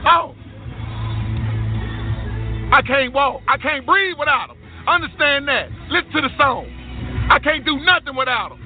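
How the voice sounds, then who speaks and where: A man's voice: very high voice, measured pace, long pauses, soft background music. Whooping man ranting in a car. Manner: boisterous, whooping and exclaiming. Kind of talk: self-filmed celebration rant. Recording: tinny phone-like audio.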